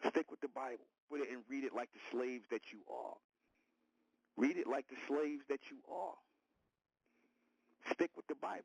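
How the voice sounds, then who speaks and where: A man's voice: mid-range voice, normal speed, creaky, long pauses, breathy edge, dry recording, poor audio. A man hosting an internet radio show, lecturing his listeners in a repetitive, confrontational monologue. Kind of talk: preaching monologue.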